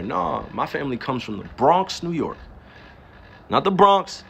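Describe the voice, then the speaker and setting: A man's voice: on the high side, animated, moderate pace, gravelly, fairly bright tone, a little hiss or hum. A man in his thirties from New Jersey, ranting on a live stream in casual talk. He fires off emphatic rhetorical questions, swears freely and laughs now and then. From New Jersey, US East Coast. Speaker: livestreamer.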